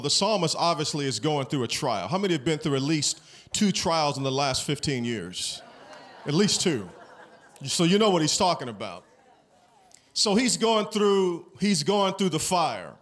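A man's voice: a little high, a bit bright. A man preaching a sermon as pastor, talking plainly and asking the congregation questions. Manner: conversational, asks the congregation questions.

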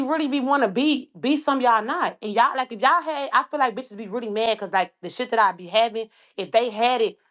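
A woman rapper tears into her critics on a livestream, swearing constantly and circling back to the same jabs. Her talk is blunt and confrontational, in a middle-pitched voice. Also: fairly bright tone. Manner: profane, confrontational, repetitive. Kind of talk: angry livestream rant.

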